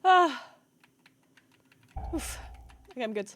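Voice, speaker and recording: Woman streamer, casual chat with viewers, quick to laugh; high voice, dead-dry close mic. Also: animated, fairly bright tone, dry recording. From Italy. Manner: laughs often, reacts to chat. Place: home streaming setup.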